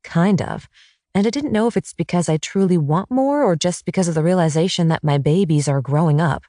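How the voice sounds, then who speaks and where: A woman's voice: lowish voice, brisk, dark tone, no room sound, clean studio sound, natural voice. A woman reading as a chatty young mother in an audiobook, speaking eagerly and explaining.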